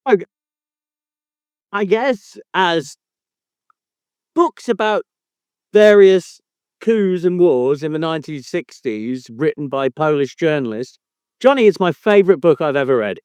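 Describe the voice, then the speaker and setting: Lively high-voiced teasing male host. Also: measured pace, pauses often, smooth, dry recording. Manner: teasing, mock-outraged, swears freely. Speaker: podcast host. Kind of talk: casual podcast banter.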